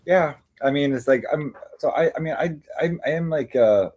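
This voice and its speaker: A man's voice: a little high, normal speed, darkish tone, highs cut off. A man chatting casually on a livestream, rambling with many fillers and restarts. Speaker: streamer.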